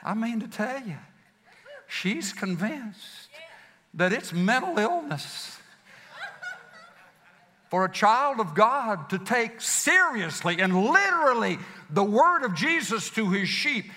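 High, lively preacher in an echoing hall. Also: male voice, takes it slowly. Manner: dramatic swings from loud to hushed, folksy. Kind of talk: sermon. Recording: long hall reverb.

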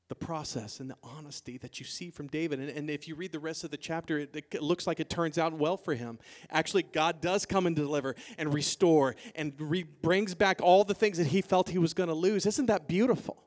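A male pastor preaching a sermon, moving from quiet, soft passages to loud, emphatic declarations and calling out to the congregation. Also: a little high, a little fast, hardly any pauses. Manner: calls to the congregation.

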